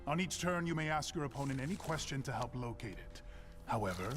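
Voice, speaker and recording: A man's voice: medium pitch, animated, natural voice. Male actor as a silky scheming devil, cartoon, heavy score behind. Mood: taunting. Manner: silky, taunting, measured. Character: smooth scheming male devil host of games. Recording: played from a show with music underneath.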